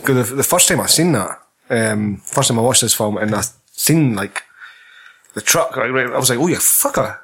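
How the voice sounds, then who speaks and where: Husky, blunt Scottish man. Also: mid-range voice, normal speed, a bit bright. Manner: blunt, heavy swearing, repeats himself. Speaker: podcast co-host. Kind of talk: casual film chat.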